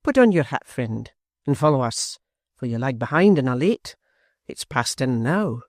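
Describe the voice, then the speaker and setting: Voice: mid-range voice, sing-song, moderate pace, dry recording, clean studio sound. An audiobook narrator voicing a zealous nobleman who speaks grandly and with self-satisfaction. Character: zealous lordly political leader.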